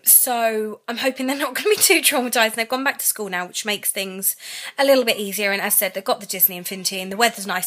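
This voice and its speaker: A woman's voice: on the high side, pushed and bright. Tired, self-mocking British woman vlogging. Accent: British English. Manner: candid, rambling, self-mocking. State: tired, close to tears. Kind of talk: casual vlog chat.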